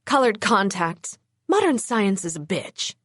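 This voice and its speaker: A woman's voice: mid-range voice, very animated, a little slow, dry recording. A woman voicing a desperate, menacing male vampire killer, heard dry and close. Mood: hissing. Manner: menacing then pleading.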